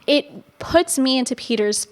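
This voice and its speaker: A woman's voice: high-pitched, moderate pace. Young woman co-hosting a faith talk. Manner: animated when acting out feelings. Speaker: faith podcast co-host. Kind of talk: faith discussion, reading scripture aloud.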